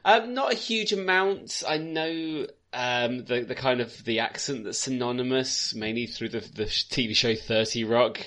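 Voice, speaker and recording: A man's voice: medium pitch, moderate pace, hardly any pauses, pushed and bright. A man co-hosting a podcast, chatting casually about films, joking and correcting himself with many fillers. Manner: jokey and self-correcting, trailing off with fillers. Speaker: podcast co-host. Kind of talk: casual film discussion.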